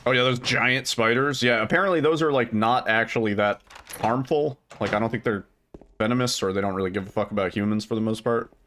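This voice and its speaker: A man's voice: mid-range voice, a little fast, background noise. A man casually chatting and laughing as he streams a game, with goofy asides to his chat. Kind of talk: casual gameplay commentary.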